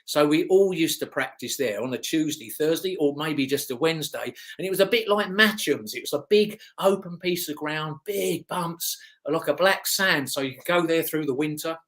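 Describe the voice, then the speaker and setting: This is a middle-aged man who used to race motocross, sitting in as an interview guest and spinning casual, rambling stories. His voice is slightly high and a little bright, moving at a normal speed, with frequent restarts and chuckles.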